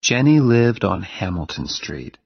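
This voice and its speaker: A man reading a story aloud in a measured, plain way. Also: fairly low pitch, sing-song, creaky, breathy edge, in a large hall, muffled recording.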